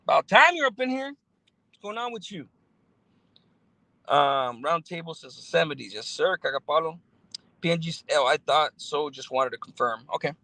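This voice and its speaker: A man's voice: fairly high pitch, lively intonation, normal speed, long pauses, bright, forceful tone, no room sound, low-quality recording. A man, chatting casually on a livestream as he reads and answers viewer comments, laid-back and full of slang and fillers. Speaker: YouTuber reading live chat.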